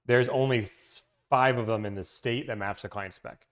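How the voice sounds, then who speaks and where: Talking about car deals with his livestream viewers, this negotiation-service host rambles and keeps interrupting himself in a casual way. He has a mid-range, fairly bright voice with fairly even intonation and normal speed.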